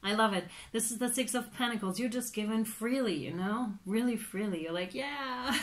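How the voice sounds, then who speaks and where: A woman giving a casual tarot reading, chatty and animated, with many fillers and playful acted-out reactions. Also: medium pitch, brisk. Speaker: tarot reader.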